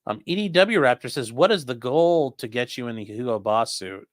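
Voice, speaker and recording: A man hosting a live stream, chatting casually and answering viewers' questions as they come in. He rambles, restarts his sentences and lets his voice drop off between answers. The sound is dry and close, with a middling pitch. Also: expressive, moderate pace, no echo. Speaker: livestream host reading chat.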